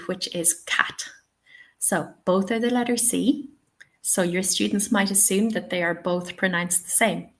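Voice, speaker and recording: A woman's voice: lowish voice, a bit bright. A woman running a teaching webinar, encouraging and checking in often with "okay?" and "yeah?". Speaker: TEFL trainer.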